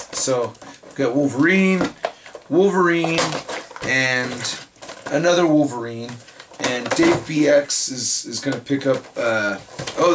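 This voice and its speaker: Man, hoarse raspy voice, excitable rambling toy unboxing, noisy recording. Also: mid-range voice. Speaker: toy reviewer. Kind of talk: casual unboxing chat.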